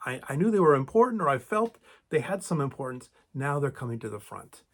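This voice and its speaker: Reflective middle-aged man speaking to camera. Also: a little fast. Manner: thoughtful, with lively rises in pitch on key words; frequent restarts and repeated words. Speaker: creator and host of a video channel. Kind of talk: reflective solo talk to camera.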